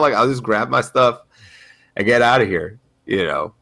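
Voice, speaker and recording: A man's voice: mid-range voice, expressive, normal speed, gravelly, pushed and bright. A man co-hosting a casual podcast, telling stories with lots of fillers and frequent laughs. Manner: storytelling, laughs often, many fillers. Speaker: podcast co-host. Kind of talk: casual chat.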